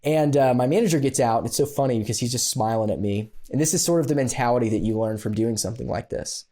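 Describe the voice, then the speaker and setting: A man on a podcast, relaxed and mellow in tone, recounting a story at an easy middle pitch. He is animated and self-deprecating, and he fills his sentences with casual "ums" and "you knows.". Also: quick pace. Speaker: podcast guest, business consultant. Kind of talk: conversational storytelling.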